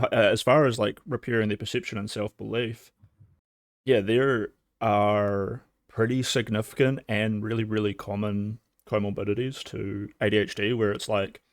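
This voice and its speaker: A man's voice: fairly low pitch, no room sound, clean studio sound. A young man hosting a casual livestream, rambling with lots of fillers and laughing between thoughts. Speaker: livestream host.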